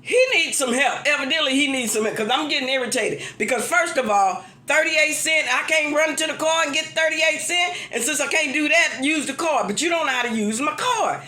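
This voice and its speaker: An echoey room surrounds this high-voiced woman, a vlogger telling her viewers a story. She vents in a casual, animated rant, exasperated yet laughing.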